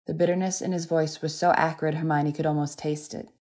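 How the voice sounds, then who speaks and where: Low-voiced woman reading an audiobook. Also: little pitch movement, brisk, darkish tone. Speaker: audiobook narrator. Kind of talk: audiobook narration.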